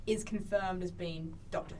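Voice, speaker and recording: A woman's voice: on the low side, steady tone, normal speed, recorded from a distance, a loud crowd, rough recording. A young woman chatting casually on a student radio panel, with plenty of "like" fillers. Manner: chatty, full of "like". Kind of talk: casual group chat.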